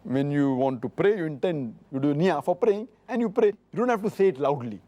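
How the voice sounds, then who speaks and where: Answering questions about religious rulings, a middle-aged Islamic scholar speaks in a fairly high, animated voice with a dark tone, captured on lo-fi audio. He stays measured, citing hadith precisely by book and number and going over points again.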